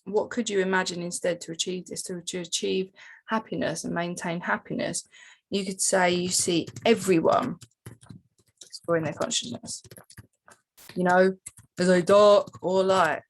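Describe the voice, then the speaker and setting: A woman coaching listeners through a journaling exercise in a casual, animated way, full of fillers and sudden rises in pitch. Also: measured pace. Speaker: spiritual coach. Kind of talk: casual teaching walkthrough.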